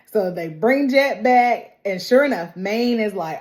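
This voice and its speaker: A woman's voice: mid-range voice, unhurried. A woman vlogger chattily recapping a family movie, acting out the characters as she goes. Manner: chatty, animated, acts out characters.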